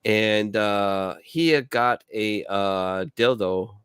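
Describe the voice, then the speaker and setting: A man's voice: fairly low pitch, slow pace, clean tone, dry recording. Brief: veteran man, show regular, swears freely, rambles through bar stories, dry close mic. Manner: profane, rambling, laughs loudly. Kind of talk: casual bar banter, storytelling.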